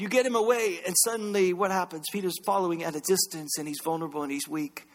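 A man preaching a sermon as pastor, impassioned, swinging between loud bursts and hushed lines. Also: sits high. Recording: long reverb of a large hall.

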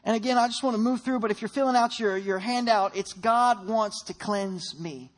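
A pastor who has a young child preaches a sermon and tells a family story, his voice rising on the emphatic lines. He speaks at a moderate pace in a voice that sits high.

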